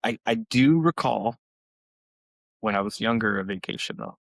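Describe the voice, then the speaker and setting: A man's voice: lively intonation, normal speed, creaky, a bit bright, dry recording, low-quality recording. A young man co-hosting a podcast, telling family stories in casual chat and acting out quoted lines. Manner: storytelling, acts out quotes in high voices. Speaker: podcast co-host.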